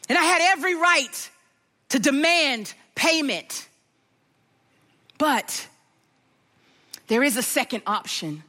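A middle-aged woman preaching, her voice high and bright with a clear ring. She tells a personal story with animation and slips into the voices of the people in it. Her delivery is lively, as a sermon should be.

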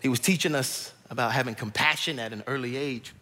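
A man's voice: medium pitch, fairly quick, pushed and bright, long reverb tail. A man in his thirties, a pastor, telling a humorous personal story to a live audience with asides to the crowd. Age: 30s. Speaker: pastor and speaker.

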